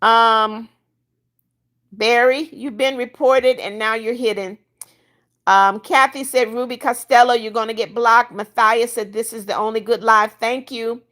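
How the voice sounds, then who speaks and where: A woman's voice: fairly high pitch, fairly even intonation, a little slow, a bit bright. An older woman hosting a casual livestream, reading viewer comments aloud and bluntly kicking out troublemakers. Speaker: livestream host reading chat.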